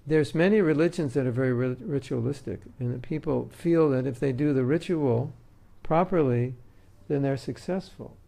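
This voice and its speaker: In a relaxed, conversational devotional talk, a man acting as a spiritual teacher uses everyday examples and light jokes to make his points. His deeply gravelly voice is dark and mellow, at normal speed with few pauses.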